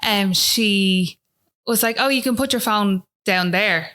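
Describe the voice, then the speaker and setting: A woman's voice: medium pitch, slow, sharp tone. A woman with an Irish accent, a podcast guest telling a personal story in a chatty way, often asking "do you know what I mean".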